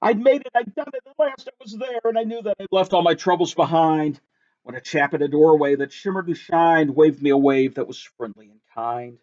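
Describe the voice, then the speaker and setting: A man reading a rhyming picture book aloud in a lively, sing-song, rhythmic way. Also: a little high, brisk. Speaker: reader. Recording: dull lo-fi recording.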